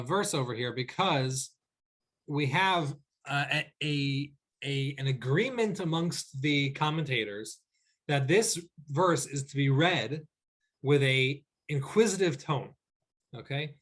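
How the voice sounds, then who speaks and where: A man, a rabbi, teaching a weekly class over a video call. He explains verses patiently, checks in with "okay?" and reads lines slowly before translating them. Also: medium pitch, fairly bright tone.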